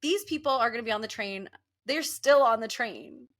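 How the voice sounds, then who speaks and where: A young woman hosting a podcast, telling a story in a casual, animated way and acting out the people she quotes. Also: fairly high pitch, moderate pace. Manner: animated, laughing, often acts out quoted people. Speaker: podcast host. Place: Los Angeles.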